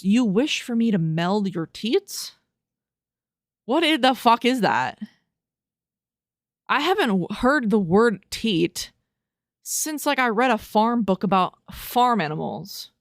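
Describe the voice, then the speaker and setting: A woman's voice: medium pitch, no room sound. A young woman hosts a casual solo podcast, reading quotes aloud and breaking off into profane, disbelieving commentary. Her voice sits in an ordinary middle register. The sound is close and dry, with no room around it. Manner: incredulous, profane, laughing at what she reads; reads review quotes aloud and riffs on them. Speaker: podcast host.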